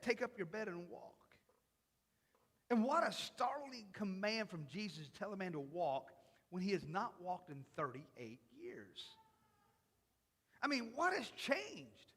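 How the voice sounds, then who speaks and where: A man preaching in a church with a very high, bright, forceful voice that rings out in a hall with a long reverb. He breaks into imagined voices and builds to loud, emphatic passages. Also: breathy edge. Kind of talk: sermon. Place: church sanctuary.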